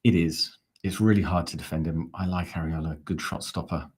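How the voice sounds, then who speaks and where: A man's voice: deep voice, steady tone, fairly quick, a little mellow, slight background noise. A man hosting a live fan watch-along, talking in a chatty, rambling, self-mocking way. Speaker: fan channel host.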